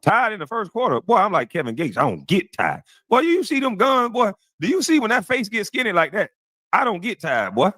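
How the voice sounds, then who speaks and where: A man's voice: high-pitched, huge pitch swings, brisk, bright, forceful tone, no echo, clean studio sound. A man in his forties trash-talking and bragging over old game footage, boastful, often laughing and calling people "boy". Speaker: former basketball player reacting to game clips. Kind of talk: profane trash-talk commentary over video.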